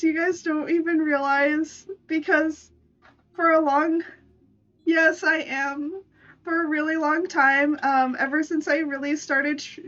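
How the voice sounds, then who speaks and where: A woman artist chatting on a live stream, giggly and halting, with many restarts. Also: high voice, flat delivery, a bit bright, lo-fi sound, faint music behind. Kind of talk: live-stream chat while making art.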